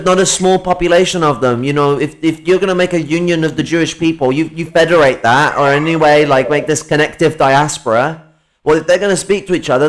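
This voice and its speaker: A man talks politics in a casual, rambling way. His voice sits a touch high, and he swears often and laughs along the way.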